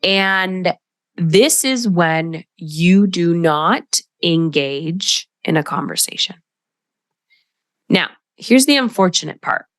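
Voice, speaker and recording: A middle-aged woman coaching listeners on her own podcast, in a slightly low voice. She talks directly and emphatically and slips into quoted voices. The sound is dry and close to the mic. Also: fairly bright tone, dry recording. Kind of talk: solo podcast talk.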